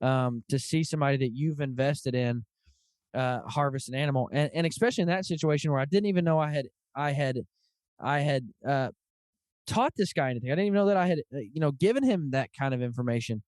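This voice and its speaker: A man's voice: medium pitch, quick pace, darkish tone, no echo, studio quality. A man hosting a hunting podcast, telling stories in an earnest, casual way and acting out the dialogue in them. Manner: earnest storyteller who acts out quoted dialogue. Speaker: podcast host.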